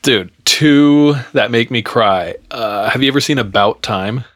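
A young man chatting casually with friends, animated and slangy, laughing often. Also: medium pitch, measured pace. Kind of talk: casual chat.

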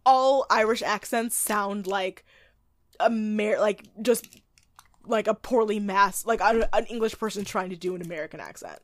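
A woman with a mid-range voice talks at a normal speed, with no room sound. She co-hosts a podcast recapping a movie, chatting casually and snarkily and laughing often.

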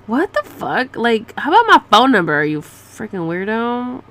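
A woman's voice: on the high side, sing-song, moderate pace, few pauses, a bit bright. A woman in her thirties ranting casually to camera, sarcastic and swearing freely, with bits of Spanish slang. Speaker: vlogger.

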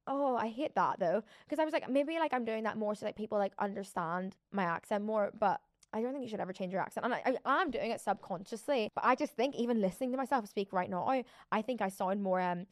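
A woman's voice: on the high side, dry recording, clean studio sound. A woman from Belfast with a Belfast accent, hosting a podcast in a chatty, rambling solo monologue full of "like". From Belfast, Northern Ireland. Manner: chatty, rambling, oversharing, lots of "like". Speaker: podcast host. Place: indoor recording room.

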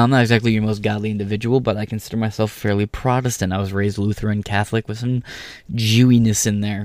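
A man from the United States vlogs a ranting monologue, heated and swearing constantly, slipping into mocking impressions of the people he describes. His voice sits at a middle pitch, recorded dry with no room sound or echo.

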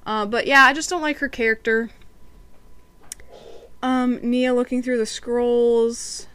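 A woman's voice: on the high side, fairly even intonation, slow pace, a bit bright, smooth. A woman hosting a podcast, reviewing cartoon episodes in casual, chatty talk and acting out quotes. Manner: chatty, giggly, acts out quotes.

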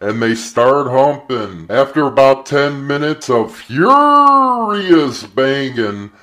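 A male radio host telling a bawdy joke with a drawn-out, animated delivery. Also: mid-range voice.

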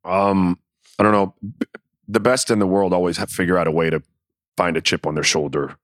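A man's voice: low voice, fairly even intonation, fairly quick, no echo, studio quality. A man co-hosting a sports podcast, giving earnest opinions with stammered restarts. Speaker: podcast co-host. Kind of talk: casual sports chat.

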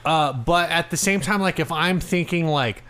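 A man's voice: fairly high pitch, moderate pace, pushed and bright, smooth. A young man co-hosting a podcast after a few drinks, joking around and breathing hard into the mic. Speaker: podcast co-host. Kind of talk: casual chat.

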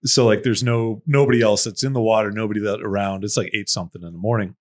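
A man's voice: lowish voice, steady tone, quick pace. A man telling a story in casual podcast chat, laughing often and swearing freely. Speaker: podcast co-host.

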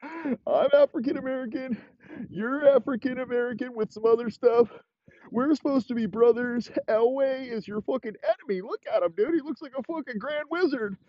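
A man voicing a whiny, panicked young football player who complains in a high, strained voice and swears. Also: normal speed, dry recording. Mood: indignant. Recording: dull lo-fi recording.

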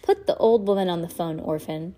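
A woman's voice: lowish voice, a little fast, warm tone, lightly acted. A woman reading a storybook aloud, voicing a wheezy male villain who speaks rudely and threateningly. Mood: menacing. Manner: rude and threatening.

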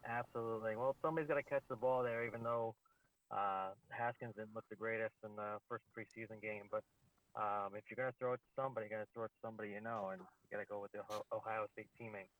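A man, a fantasy analyst on a remote line, talking fast and offhand in casual podcast chat. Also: lowish voice, steady tone, dull audio.

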